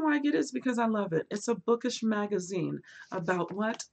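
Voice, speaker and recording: A woman hosting a casual book livestream, chatting animatedly and reading viewer comments aloud, swinging between lively bursts and quiet asides. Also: mid-range voice, a little fast, vocal fry, a little hiss or hum. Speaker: booktube host.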